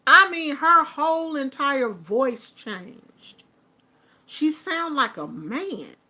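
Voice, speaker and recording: High, bright, chatty middle-aged woman. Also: slow. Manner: animated, chatty, laughs often, sings snippets. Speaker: vlogger commenting on online drama. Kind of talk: casual commentary vlog.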